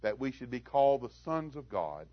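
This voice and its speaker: A middle-aged man preaching a sermon, rising to loud emphatic lines and dropping to hushed tones. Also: mid-range voice, very animated, moderate pace, no echo, highs cut off.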